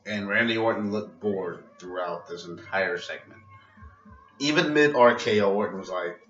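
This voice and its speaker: Guy ranting about last night's wrestling show, sharp tone, kinda low voice, echoey room, far from the mic. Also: unhurried, soft background music. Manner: ranting and critical. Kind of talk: casual opinionated vlog review. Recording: dull lo-fi sound in a roomy space from a distant mic.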